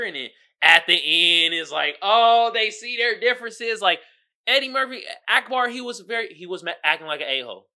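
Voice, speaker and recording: Bright, animated man ranting casually. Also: sits high, normal speed. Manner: animated, exasperated, slangy with mocking put-on quotes. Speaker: podcast host reviewing a movie. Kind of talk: casual rant.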